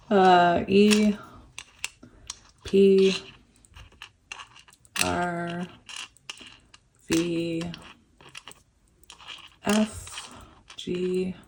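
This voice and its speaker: A young woman doing a tarot reading, giddy and giggly, breaking into excited squeals of laughter. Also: on the low side, a little hiss or hum. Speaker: tarot reader. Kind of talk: pick-a-card tarot reading.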